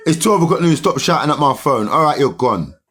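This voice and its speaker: A man's voice: mid-range voice, sing-song, fairly quick, fairly bright tone, breathy edge. A young man, ranting heatedly at commenters on a livestream in slangy, argumentative talk.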